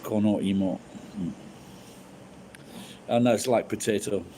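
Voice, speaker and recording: A man's voice: fairly low pitch, slow pace, mellow, a little hiss or hum, poor audio. A drunk man rambling and swearing through casual chat as a live streamer, full of false starts. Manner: crude, swears a lot, rambling with restarts.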